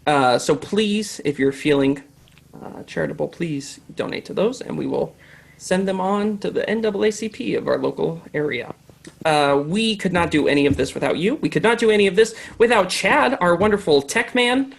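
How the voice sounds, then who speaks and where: Brief: animated, loose and joking improv host, mid-pitch, speaking into a home mic over a video call. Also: moderate pace, gravelly. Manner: lively, joking, loose and rambling. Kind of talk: livestream improv hosting.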